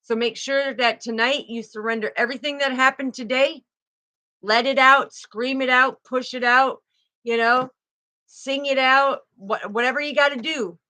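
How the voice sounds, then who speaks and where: A woman's voice: sits high, steady tone, moderate pace, sharp tone, low-quality recording. A middle-aged woman, hosting a casual spiritual livestream, effusive and protective as she greets her viewers by name.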